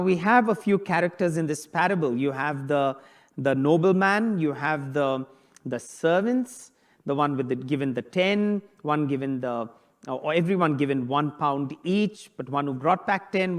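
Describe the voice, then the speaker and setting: Middle-aged priest, conversational homily, restarts often, voice a touch higher than most. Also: male voice. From India. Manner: conversational, with frequent restarts and repeated words.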